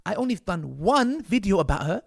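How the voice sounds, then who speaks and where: A man's voice: high voice, sing-song, moderate pace, creaky, slight background noise. A man from the UK with a combative, mocking manner, commenting on video clips of his critics. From United Kingdom. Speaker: online commentator.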